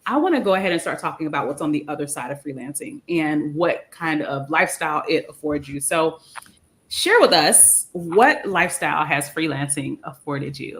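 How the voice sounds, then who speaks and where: A bubbly woman with a slightly low voice runs a live stream over a video call setup. She talks quickly and brightly, now and then stumbling over a phrase and laughing it off. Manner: bubbly, animated, trips over words. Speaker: livestream host. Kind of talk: upbeat live stream chat.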